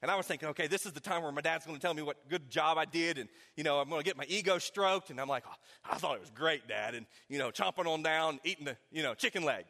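A man preaches from the pulpit with a high, bright, forward voice. He tells his story warmly and then drops to an intimate near-whisper to land each point, and his words carry a long reverb from a large hall. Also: fast, few pauses. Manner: storytelling, drops to a quiet intimate hush for emphasis. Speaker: pastor. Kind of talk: sermon.

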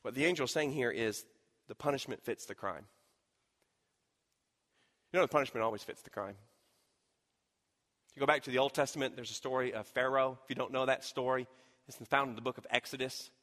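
A man preaching a sermon as pastor, telling a story emphatically and swinging from loud to hushed. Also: medium pitch, fairly quick, pauses often. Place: church sanctuary. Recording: long reverb of a large hall.

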